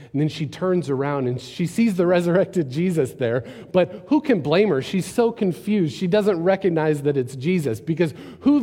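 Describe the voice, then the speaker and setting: A man's voice: fairly high pitch, breathy edge. Man preaching in a reverberant hall. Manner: storytelling with dramatic drops to quiet, near-whispered lines. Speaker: pastor. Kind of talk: sermon. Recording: long reverb in a large hall.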